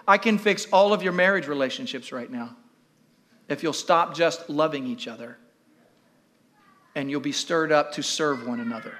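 A man preaching in church with a high, bright voice. He is animated and keeps repeating questions to the congregation. The delivery is a full live sermon. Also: moderate pace, pauses often. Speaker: pastor.

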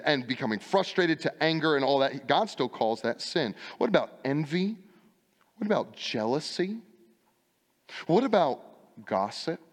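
A male pastor preaching a sermon, firing rhetorical questions and repeating his refrains with emphasis. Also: medium pitch. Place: church sanctuary. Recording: long church reverb.

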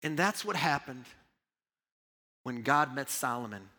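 Bright-voiced male pastor preaching in a hall. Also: mid-range voice, lively intonation, measured pace. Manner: swings from loud urgent preaching to hushed intimate asides. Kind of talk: sermon.

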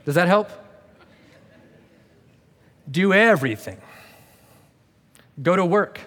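A man with a somewhat high voice preaches a relaxed, conversational sermon. His delivery mixes plain talk with dry, sarcastic asides. The sound carries a long reverb from the big church room around him. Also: takes it slowly. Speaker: pastor. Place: church sanctuary.

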